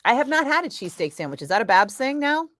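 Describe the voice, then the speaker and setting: A woman's voice: high-pitched, big pitch swings, fast, fairly bright tone, no room sound, studio quality. A woman radio host from Northern California chatting casually with her live chat, laughing often, swearing freely and rambling through asides. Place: radio studio.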